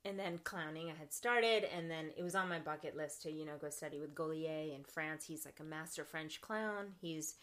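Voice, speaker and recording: A young woman in a relaxed podcast conversation, her voice bright and forward. She is animated and laughs often, slipping into little acted-out versions of her own thoughts. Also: low-pitched, moderate pace, hardly any pauses. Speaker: podcast guest, actress and clown. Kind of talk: casual conversational interview.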